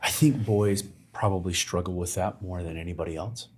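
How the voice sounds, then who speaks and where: A man's voice: low-pitched, a little fast, darkish tone. A man talking as a podcast guest, telling stories in a rambling way with many fillers and restarts. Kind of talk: casual conversation. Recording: roomy echo.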